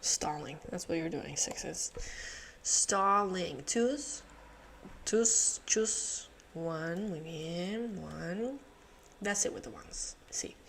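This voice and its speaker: A woman's voice: lowish voice, animated, very slow, vocal fry, fairly bright tone, a little hiss or hum. A woman hosting a puzzle channel, thinking aloud as she solves, muttering to herself, swearing and laughing often.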